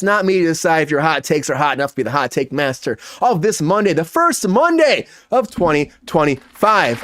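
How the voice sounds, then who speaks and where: Male comedy host, quick and animated, fairly high voice, close dry mic. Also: dry recording, a faint crowd. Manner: fast, animated and joking, with quick impressions. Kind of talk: comedy entertainment news chat.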